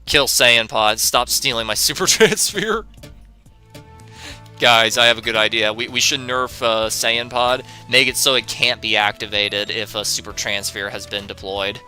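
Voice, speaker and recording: A man's voice: mid-range voice, unhurried, pushed and bright, faint music behind. A young man streaming a game, answering chat in a sarcastic, profane way and laughing often.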